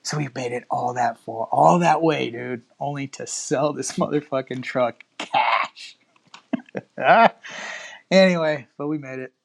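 A man in his thirties from Texas tells a long road-trip story in casual, profanity-laden chat. His delivery is loose and rambling, with sudden jumps into quoted voices, and his pitch sits in an ordinary middle range. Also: takes it slowly, vocal fry.

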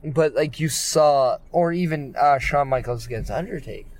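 A man's voice: fairly high pitch, moderate pace, darkish tone, no echo. Rambling man co-hosting a podcast. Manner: rambling, lots of fillers and restarts. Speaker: podcast co-host. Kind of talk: casual wrestling podcast chat.

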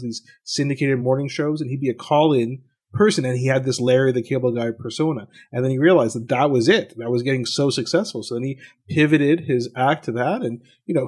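A man's voice: medium pitch, a little mellow. A man who hosts a podcast recounts a story in a loose, conversational manner. He leans on "uh" and "you know" as he goes.

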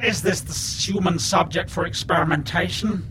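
A man's voice: high voice, normal speed, noisy background, natural voice. A man playing an overworked, tired male alien doctor with tendrils, apologetic and matter-of-fact. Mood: weary.

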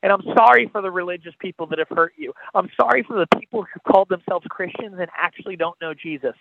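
An evangelist on a podcast preaches in a high-pitched, creaky voice at a fast pace, making impassioned, pleading, repetitive calls. The recording is dry and tinny, like a phone line.

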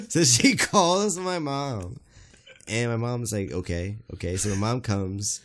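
A man's voice: medium pitch, slow. A young man co-hosting a casual podcast, telling a story in a laid-back way and laughing through his words. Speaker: podcast co-host. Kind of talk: casual chat.

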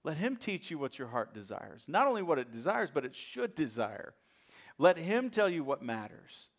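A male pastor preaching a sermon in a church, swinging from loud emphasis to hushed asides and repeating phrases for weight. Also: fairly high pitch, very animated, moderate pace.

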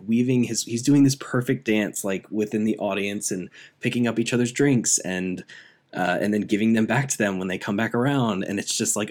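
A man co-hosting a podcast, chatting casually and enthusiastically about a movie, rambling and laughing often. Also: low voice. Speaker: podcast co-host. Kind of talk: casual movie review chat.

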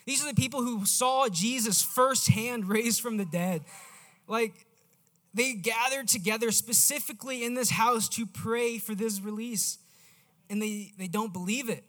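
A man preaching a sermon in a casual, animated storytelling manner. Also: very high voice, measured pace.

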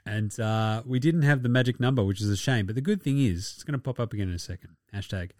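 A man's voice: medium pitch, quick pace, darkish tone, no room sound, studio quality. An Australian man hosting a casual sports podcast, talking in a rowdy, profane and mocking way. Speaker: podcast host.

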